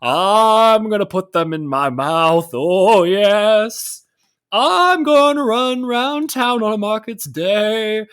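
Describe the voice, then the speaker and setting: A man voicing a silly cartoon man who gleefully stuffs crabs in his mouth, in a high, drawn-out sing-song. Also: expressive, fairly bright tone, clean tone, heavily acted.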